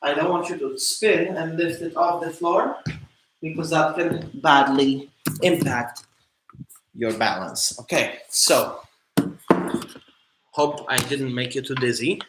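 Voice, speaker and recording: A man's voice: on the high side, slow pace, pauses often, a bit bright, a little hiss or hum. A man teaching a dance class, counting beats aloud and coaxing students through steps, heard from a distance in a studio. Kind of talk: live online dance class. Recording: echoey room, from a distance.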